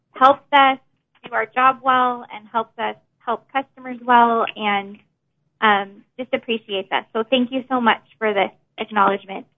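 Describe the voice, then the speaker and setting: A woman employee working from home, speaking earnestly to a board meeting, with frequent ums. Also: fairly high pitch. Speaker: customer service employee. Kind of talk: casual remarks at a remote board meeting. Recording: phone-like audio from a remote meeting.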